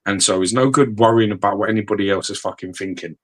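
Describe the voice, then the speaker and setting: Man, low husky voice, blunt, heavy swearing, casual podcast chat. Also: fast talker. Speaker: podcast co-host. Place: podcast studio.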